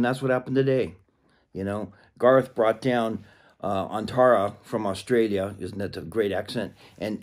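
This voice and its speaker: A man talking casually to camera in a rambling way, clearing a frog from his throat. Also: medium pitch, darkish tone. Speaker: vlogger.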